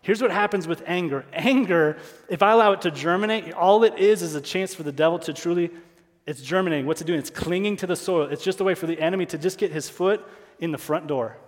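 A man's voice: sits high, quick pace, big-room sound. A male pastor preaching a sermon, driving points home by repeating key lines and asking rhetorical questions.

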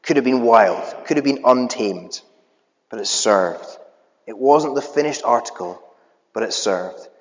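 A male preacher delivers a sermon in a relaxed, conversational way, pausing on filler words. His mid-pitched voice carries through a church hall with long reverb. The recording sounds dull and lo-fi.

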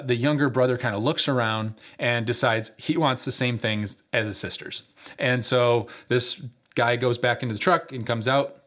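A man's voice: mid-range voice, fairly bright tone. A man from upstate New York giving a sermon as a pastor, telling a story in a conversational way with frequent fillers and repeating rhetorical questions.

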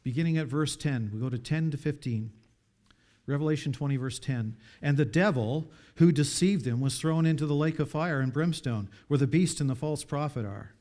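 A man preaching a sermon, reading scripture aloud and commenting, with dramatic swings from hushed pleas to loud appeals. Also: on the high side, moderate pace.

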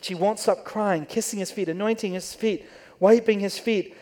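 A man's voice: high voice, fairly even intonation, moderate pace, darkish tone. A man preaching in church, telling the story conversationally and acting out the quoted voices. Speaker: pastor. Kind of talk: sermon.

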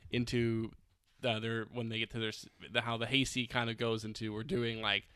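A man's voice: mid-range voice, level tone, brisk, sharp tone, clean tone, no room sound. A man hosting a podcast in casual chat, talking loosely with many likes and trailing sentences. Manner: loose, filler-heavy, trails off. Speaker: podcast host.

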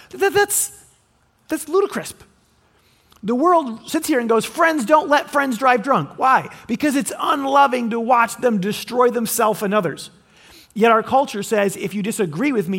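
A man preaching a sermon as pastor, animated, acting out quoted voices and restarting his phrases often. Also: high-pitched.

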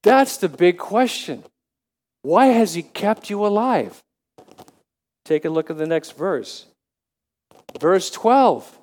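High-voiced man in his seventies preaching. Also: big pitch swings, a little mellow. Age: 70s. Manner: halting, with frequent restarts, rising to emphatic questions. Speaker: lay preacher. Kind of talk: sermon.

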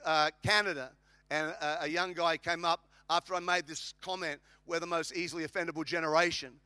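High, bright Australian preacher man. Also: no echo. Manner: humorous, emphatic preaching with repetition. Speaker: pastor. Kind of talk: sermon.

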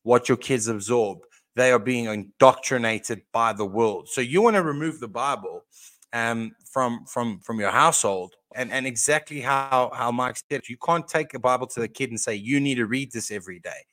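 A man's voice: medium pitch, moderate pace, fairly bright tone, dry recording. A man talks through a faith topic on a podcast with earnest, preachy conviction, often restarting his sentences. His voice sits in a middle register. The sound is dry and close, with no room around it. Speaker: podcast co-host. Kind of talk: casual Christian podcast talk.

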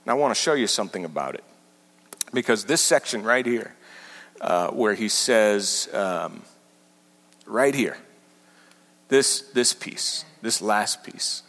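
A man preaching a sermon as pastor, teaching with animated, emphatic repetition. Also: fairly low pitch, takes it slowly, long pauses. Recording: large hall with long reverb.

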